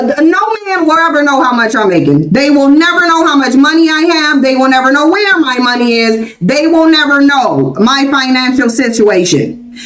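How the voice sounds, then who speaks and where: An American woman in her forties hosts a livestream with a high-pitched voice, giving commentary in which she emphatically and insistently repeats her points. The low-quality recording has an echoey room sound.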